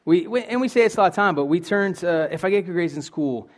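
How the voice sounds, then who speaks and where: A man's voice: sits high, animated, fast. A young man preaching a sermon in an earnest, conversational way, asking his listeners questions.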